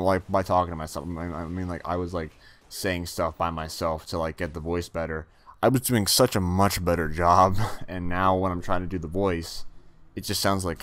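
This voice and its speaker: A man giving casual, rambling game commentary, talking quickly and stumbling over his words. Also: deep voice. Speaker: gaming channel host.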